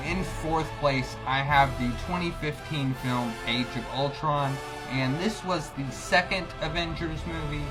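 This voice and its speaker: A man casually ranking movies for his channel, enthusiastic and swearing freely in a relaxed chat. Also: medium pitch. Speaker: movie reviewer.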